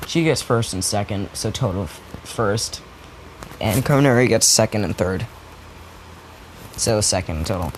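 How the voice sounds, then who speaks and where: A man's voice: fairly low pitch, moderate pace, pauses often. Rambling young man, noisy recording. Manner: rambling, profane, lots of restarts. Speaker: storyteller. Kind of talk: improvised fan-fiction storytelling. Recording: steady background noise.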